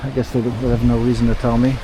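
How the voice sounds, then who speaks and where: A man from Ohio talking his way along a river trail in a casual hiking vlog, chatty and rambling, quick to exclaim at what he finds. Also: mid-range voice, little pitch movement, background noise. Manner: chatty, rambling, easily surprised. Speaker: hiking vlogger. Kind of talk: casual outdoor vlog narration.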